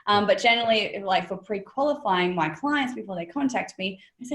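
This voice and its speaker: A woman's voice: medium pitch, brisk, few pauses, a bit bright, reverberant. A woman guest on an interview, talking casually and impulsively, laughing often. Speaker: business planner guest.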